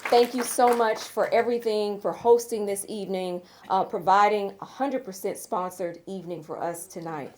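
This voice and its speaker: A middle-aged woman from Tennessee, with a Southern accent and a mid-range voice, hosts a charity awards evening in a chatty, self-teasing way. She talks at normal speed with few pauses in a live speech, in an event room where crowd noise can be heard.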